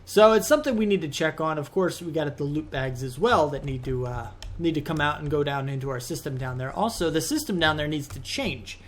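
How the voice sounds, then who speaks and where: A man's voice: a little high, animated, fairly quick, hardly any pauses. A man hosting a modded game let's play, talking casually through his gameplay with rambling asides and easy exasperation.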